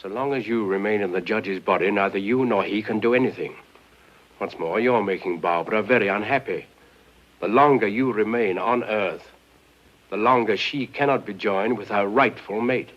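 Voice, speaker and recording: A man's voice: lowish voice, moderate pace, lightly acted. A man playing a pompous, pleading devil. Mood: lecturing. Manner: grandiloquent, wordy pleading. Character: scheming male devil, pompous and wheedling. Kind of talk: 1940s film acting. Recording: muffled old film soundtrack.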